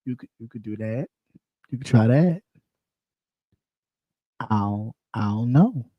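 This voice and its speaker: Profane, laughing livestream host. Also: male voice, medium pitch, slow pace, no echo, highs cut off. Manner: loose, profane and animated, with frequent laughs and repeats. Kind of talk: casual commentary livestream.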